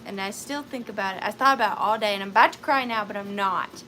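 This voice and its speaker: Bright-voiced chatty woman hosting a sale. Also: fast talker, a little hiss or hum, rough recording. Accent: Southern US. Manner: chatty and upbeat, with high squeals. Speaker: live sale host. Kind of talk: casual live-stream selling chat.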